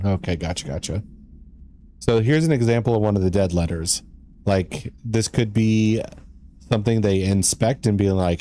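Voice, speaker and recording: A man's voice: fairly low pitch, measured pace, dark tone, a little hiss or hum. A man streaming a game live, chatting casually with his viewers and reading in-game letters aloud.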